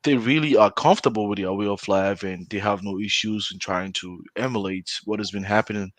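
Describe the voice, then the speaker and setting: A man's voice: lowish voice, a little fast, no echo. A man in a casual chat who asks long questions full of "you know" and "right".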